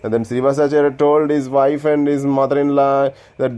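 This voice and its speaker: A man's voice: medium pitch, little pitch movement, moderate pace, hardly any pauses, mellow, smooth. A man earnestly retelling a sacred story in a reverent, storytelling manner, with loose grammar. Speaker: devotional speaker. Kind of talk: devotional story telling.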